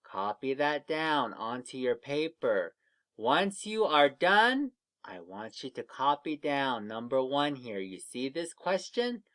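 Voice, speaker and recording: Slow, patient man teaching phonics. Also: mid-range voice, sing-song, a bit bright. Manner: slow, patient phonics drilling with stretched letter sounds. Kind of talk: early reading lesson for young children.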